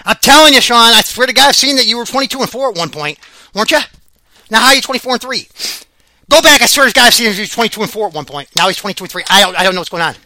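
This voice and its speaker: Brief: rambling male podcast host, quick and lively, very bright dry sound. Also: high-pitched, dry recording. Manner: rambling, excitable, laughs often. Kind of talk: casual rambling sports chat.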